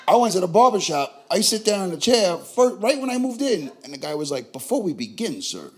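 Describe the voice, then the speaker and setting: Brash, animated Californian comic. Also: male voice, sits high, a little fast. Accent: Tulare, California. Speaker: stand-up comedian. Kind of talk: stand-up comedy set. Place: comedy club.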